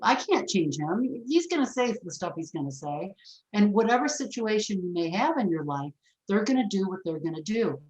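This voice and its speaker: A woman guest tells a personal story with frank, animated delivery in a mid-range voice. Her voice rings with a roomy echo. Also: medium pitch, moderate pace. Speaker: forgiveness expert guest. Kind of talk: storytelling in a podcast interview.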